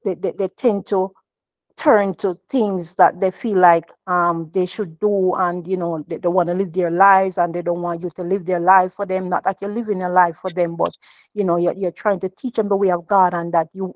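A woman's voice: on the low side, dry recording. A woman giving an emotional devotional testimony as a mother, earnest and repetitive, often restarting her sentences. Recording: dull, dry lo-fi sound.

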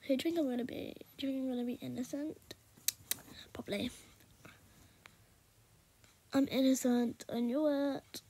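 British female gaming vlogger, chatty, low half-whisper, slightly high voice. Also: steady tone, moderate pace, long pauses, slight background noise. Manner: often speaks in a hushed half-whisper; rambling and chatty, talking to viewers. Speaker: gaming YouTuber. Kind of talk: casual gameplay commentary.

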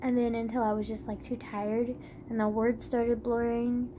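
A young woman with a high voice talks straight to camera in a loose, rambling way. She giggles often and fills her sentences with "like" and "um". Faint room ambience sits under her voice. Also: level tone, moderate pace, background noise. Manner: rambling, giggly, many fillers. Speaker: vlogger. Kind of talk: casual chat to camera.

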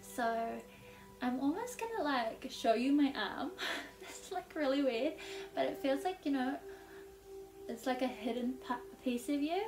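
Tarot lady rambling along, laughs a lot, kinda high voice, roomy echo and mic a bit far off. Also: lively intonation, a little slow, over music. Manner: chatty, laughs often, many "like" fillers. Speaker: tarot reader. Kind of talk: casual intuitive tarot reading. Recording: echoey room, mic at a distance.

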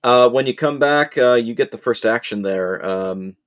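A man running a tabletop game as game master, his voice a little soft and scratchy, talking in a relaxed, hesitant way with many pauses. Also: medium pitch. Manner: laid-back, hesitant with many ums.

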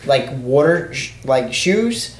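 A man telling stories on a podcast in a lively, profane way, acting out other people's voices. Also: medium pitch, slow. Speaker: podcast guest. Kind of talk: casual podcast storytelling. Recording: echoey room with crowd chatter.

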